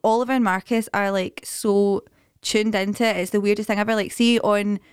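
A woman's voice: medium pitch, steady tone, brisk, clear, resonant tone, no echo, clean studio sound. A woman co-hosting a podcast, telling funny family stories in casual chat and laughing often. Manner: chatty storytelling, laughs often. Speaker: podcast co-host.

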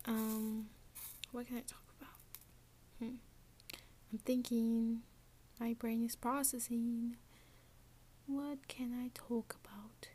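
Young woman ranting on her podcast, keeps dropping to a whisper, says like a lot, slow talker. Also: fairly high pitch, flat delivery, mellow, slight background noise. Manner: often drops to a whisper, lots of "like". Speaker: podcast host. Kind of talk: casual solo rant.

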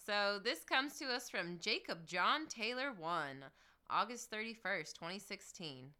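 Woman, podcast co-host, lively pitch, bright crisp voice, casual swearing. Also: a little slow. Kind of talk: casual movie review chat.

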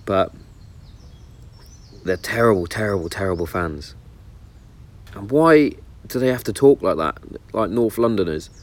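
Outdoors in the countryside, with birdsong and open-air sounds around him, a vlogger with a fairly low voice chats casually about football. He's expressive, a bit slow and pauses often, giving loose, opinionated takes laced with swearing.

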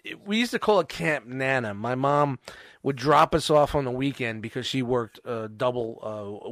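A man's voice: mid-range voice, fairly bright tone, dry recording, studio quality. A middle-aged man, telling long, profane, rambling stories on a casual podcast, full of restarts. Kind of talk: casual storytelling chat.

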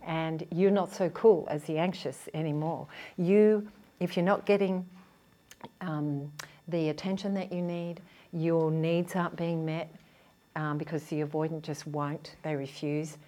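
Speaking in a low, unhurried voice, a woman who counsels couples chats informally with an audience, performing the lines partners say to one another and laughing a lot.

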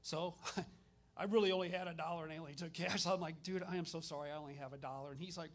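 A man's voice: on the high side, fast. Chatty man preaching. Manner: conversational storytelling, animated retellings. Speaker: minister. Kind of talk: sermon with personal stories.

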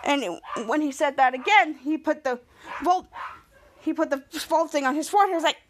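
High-voiced woman rambling through a recap. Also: normal speed, slight background noise. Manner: rambling, restarts with many cuts. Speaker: podcast host. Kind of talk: casual episode recap.

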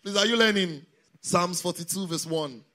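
A man's voice: sits high, normal speed, pushed and bright. A man preaching a sermon at a camp meeting, emphatic and calling the congregation to read scripture aloud with him. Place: church or camp meeting hall.

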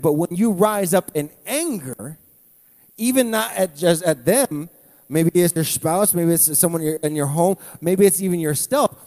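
A man preaching a sermon, animated, with playful asides to the congregation. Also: high voice, in a large hall. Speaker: pastor.

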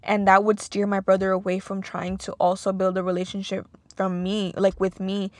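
A woman's voice: mid-range voice, monotone, normal speed, no echo. A young woman speaks in a mid-range voice, candid and a little emotional, her speech full of "like" and restarts. The sound is dry and close, with no room around it. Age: young adult. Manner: casual, emotional, filler-heavy with many "like"s. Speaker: podcast host. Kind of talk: personal monologue.

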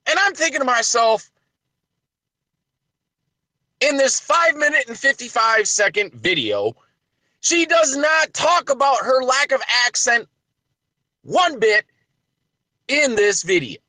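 Male podcast host, high bright voice, emphatic ranting delivery. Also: sing-song, unhurried, no room sound. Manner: emphatic, ranting rhetorical questions. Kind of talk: wrestling podcast commentary.

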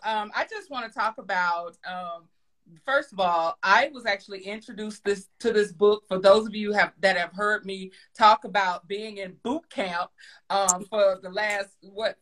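Excited woman host, gushy, chatty, keeps saying oh my goodness. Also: mid-range voice. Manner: excitable, gushing. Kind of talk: casual chat.

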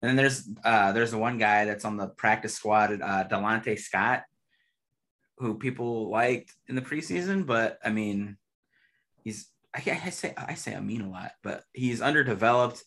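A man's voice: on the low side, normal speed, fairly bright tone. A man co-hosting a casual sports podcast, chatty and loose, laughing often as he talks. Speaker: podcast co-host.

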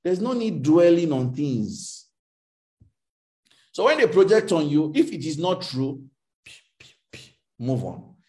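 A man teaching and answering audience questions in a motivational session, emphatic and repetitive, with faith phrases, acting out quoted dialogue with big jumps in pitch. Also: darkish tone.

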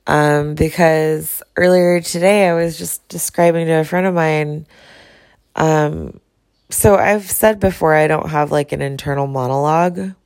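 A woman talking bluntly and outspokenly in a casual personal monologue, swearing freely. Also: deep voice. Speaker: vlogger.

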